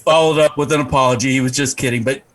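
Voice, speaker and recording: A middle-aged man co-hosting a casual podcast, telling a rambling story in a relaxed way. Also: mid-range voice, fast. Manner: relaxed, rambling anecdote teller. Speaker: podcast co-host. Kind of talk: casual drinking-show chat.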